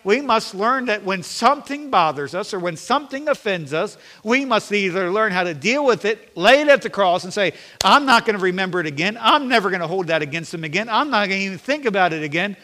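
Male pastor, bright tone, earnest sermon delivery with dry humor, reverberant sanctuary. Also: high-pitched, lively intonation, a little fast, hardly any pauses. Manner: earnest preaching with self-deprecating jokes. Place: church sanctuary. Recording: long reverb of a church sanctuary.

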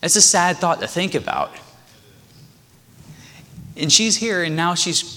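Man, lay preacher, bright voice, animated storyteller, hall reverb. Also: a little high, normal speed. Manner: animated storytelling, acting out quotes. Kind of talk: sermon.

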